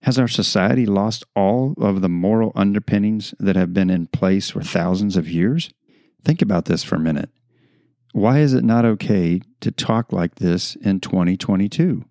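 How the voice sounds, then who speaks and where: Gravelly low-voiced male podcast host. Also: mellow, no echo, clean studio sound. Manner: earnest, measured, asks rhetorical questions. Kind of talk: opinion podcast monologue.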